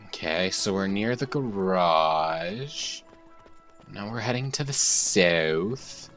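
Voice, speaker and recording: Slow, animated let's-play man. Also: deep voice, soft background music. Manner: musing, thinks aloud with theories and laughs. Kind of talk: casual gameplay commentary.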